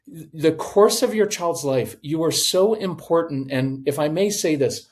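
Animated man giving parenting advice. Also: on the high side. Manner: animated, acts out quoted voices. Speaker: podcast guest, parenting coach. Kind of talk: casual advice talk.

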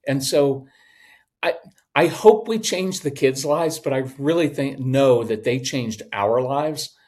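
Middle-aged man telling lively stories. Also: medium pitch, takes it slowly. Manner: animated, acts out voices in anecdotes. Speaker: podcast guest. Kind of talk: storytelling in a conversation.

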